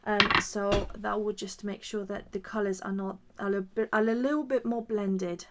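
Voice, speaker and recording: Her mid-range voice holds a steady tone at normal speed. The woman founded a craft shop and is demonstrating live, chatting as she goes and gushing over how her work turns out.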